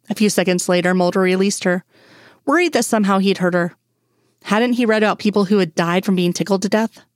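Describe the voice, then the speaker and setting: A woman reading fan fiction aloud in a steady, even storytelling manner. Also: mid-range voice, no echo, studio quality. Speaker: audiobook reader. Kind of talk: scripted narration of fan fiction.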